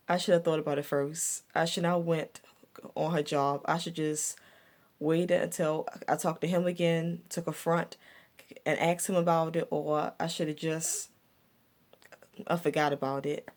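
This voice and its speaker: A woman's voice: deep voice, level tone, a little slow, pauses often, a little mellow. A woman vlogger telling a personal story from her past in a reflective, repetitive way, with stumbling restarts. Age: adult looking back on her younger years.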